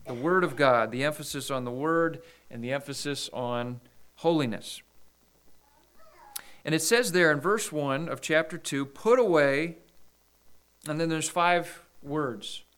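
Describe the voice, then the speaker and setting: A man preaching a sermon, reading scripture aloud and explaining it in a measured way. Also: fairly high pitch, fairly bright tone, clean tone. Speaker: pastor.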